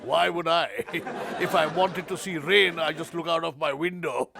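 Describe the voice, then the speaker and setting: Gravelly-voiced dry comic guest. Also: male voice, fairly high pitch, fairly even intonation, a little slow, a crowd in the background. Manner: dry one-liners. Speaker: comic guest playing an English lord.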